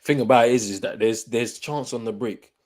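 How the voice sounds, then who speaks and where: Excitable young man reacting live. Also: mid-range voice, fairly quick. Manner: excitable, slangy, repeats himself, swings from shouting to muttering. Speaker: watchalong host. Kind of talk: live football watchalong commentary.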